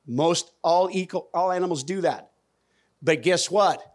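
A man's voice: high-pitched, a little slow. A man giving a folksy, emphatic talk on a conference stage, putting questions to the audience. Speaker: conference speaker on regenerative farming. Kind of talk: lively stage presentation.

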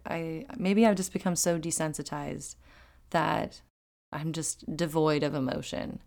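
A woman hosting a podcast on her own, chatting casually and giggling between rambling thoughts. Her low-set voice carries a gravelly fry, and she pokes fun at herself as she goes. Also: a little mellow. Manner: giggly and rambling, laughs often; self-deprecating humor. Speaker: podcast host. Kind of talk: casual solo podcast chat.

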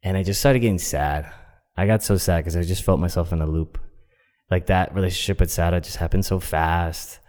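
A man's voice: low-pitched, fairly quick, darkish tone. A man telling a personal story in a casual, rambling way, with lots of fillers. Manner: rambling, many fillers, acts out quoted voices. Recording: long echoey reverb.

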